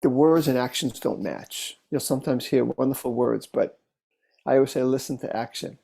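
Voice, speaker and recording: Gravelly, mellow-voiced male therapist. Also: mid-range voice, moderate pace. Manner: relaxed, conversational, with fillers and restarts. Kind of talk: casual teaching talk with case stories.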